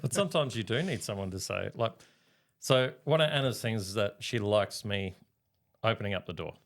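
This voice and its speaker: A man's voice: fairly low pitch, lively intonation, normal speed. A man co-hosting a podcast, talking earnestly and reflectively in casual chat. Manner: earnest, reflective, laughs easily. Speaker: podcast co-host.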